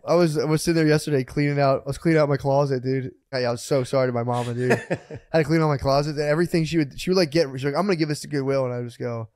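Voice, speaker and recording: A man's voice: mid-range voice, racing, a little mellow, no echo, clean studio sound. A man co-hosting a podcast in casual comedic chat, joking and often slipping into mumbled impressions. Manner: joking, drops into mumbled impressions and frequent laughs. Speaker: podcast co-host.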